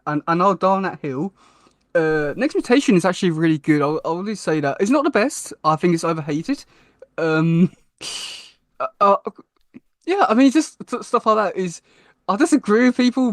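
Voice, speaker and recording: A man's voice: a little high, no echo, studio quality. A young man with a British accent, a podcast guest chatting casually, hesitant with many fillers and restarts. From Britain.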